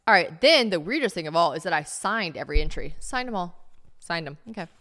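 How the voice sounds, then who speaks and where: Podcast host, woman in her late twenties, slightly low voice, rambling and self-deprecating, swears a lot. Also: animated, fairly quick, fairly bright tone. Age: late 20s. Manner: chatty and self-mocking, swears freely. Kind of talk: casual solo podcast monologue.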